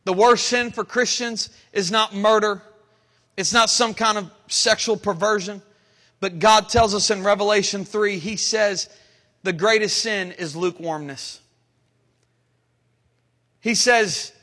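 A man pastor preaching a sermon, rising into emphatic, dramatic lines and pausing between phrases. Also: high-pitched, sharp tone. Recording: long hall reverb.

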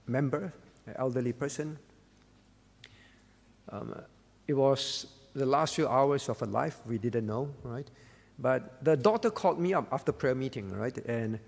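A man's voice: medium pitch, gravelly, big-room sound. A man pastor preaching an earnest sermon, repeating words for emphasis.

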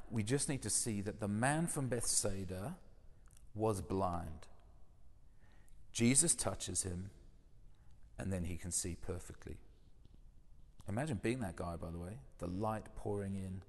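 Low gravelly preacher in a hall. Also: male voice, a little mellow. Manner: conversational, rhetorical questions, builds with emphasis. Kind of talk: sermon.

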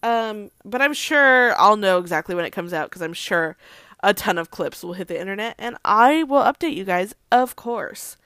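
A woman's voice: mid-range voice, animated, normal speed, fairly bright tone, clean tone, no echo. Woman, host, casual celebrity gossip, chatty, says "like" a lot, swears, laughing asides, dry sound.

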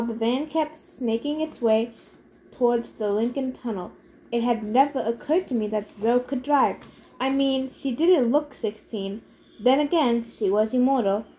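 A woman's voice: a little high, mellow. A woman narrating a novel aloud in first person, giving the characters their own voices. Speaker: reader. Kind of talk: audiobook narration.

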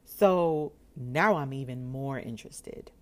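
A woman vlogger telling a personal story in an animated, expressive way, acting out the voices of the people in it and laughing often. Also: rumbling low, slow pace.

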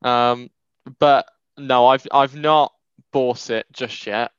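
A man's voice: fairly even intonation, slow pace, clean tone, no echo, highs cut off. A young man, co-hosting a casual podcast, explaining things with dry humor. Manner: explanatory, dry humor, rants with rising pitch. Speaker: podcast co-host. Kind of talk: casual chat.

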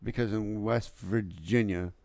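A man in his thirties co-hosting a casual podcast chat, an animated storyteller who laughs a lot. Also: lowish voice, unhurried, no room sound. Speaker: podcast co-host.

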